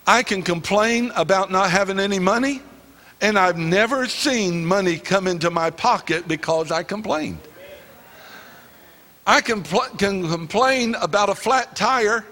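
A man's voice: sits high, expressive, measured pace, pauses often, bright, forceful tone. A middle-aged man preaching a sermon, who now and then breaks into song. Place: church sanctuary. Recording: long hall reverb, faint music.

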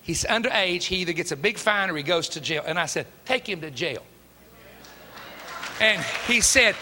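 A man's voice: sits high, lively intonation, normal speed, crowd noise, noisy background. A middle-aged man with a Tennessee Southern accent preaching, telling a folksy, emphatic story and acting out the dialogue. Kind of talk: storytelling sermon. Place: church sanctuary. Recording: long hall reverb.

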